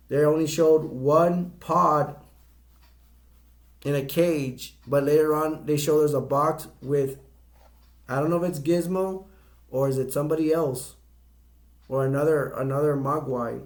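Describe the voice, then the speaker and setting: A middle-aged man giving a casual, rambling movie review, halting often and restarting his sentences. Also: a little high, darkish tone.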